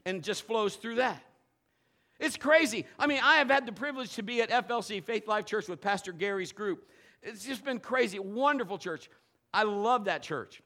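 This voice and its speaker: At a church service, a man with a high-pitched voice preaches at normal speed. His sermon is animated and playful, shifting between loud exhortation and quiet asides.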